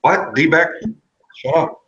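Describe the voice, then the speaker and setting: A man's voice: a little high, slow, fairly bright tone, muffled recording. A man joking and swearing in a casual group video chat. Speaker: chat participant.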